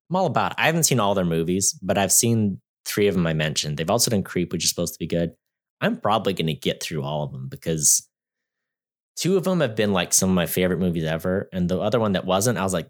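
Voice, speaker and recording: Rambling, chatty man reviewing a movie. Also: low voice. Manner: rambling, chatty, joking, full of fillers. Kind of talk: casual podcast movie review.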